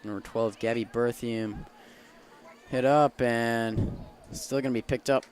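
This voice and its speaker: A young man giving casual play-by-play commentary on a high school soccer game outdoors, his calls rising with the action. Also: fairly even intonation, measured pace, a little mellow. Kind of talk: amateur sports commentary.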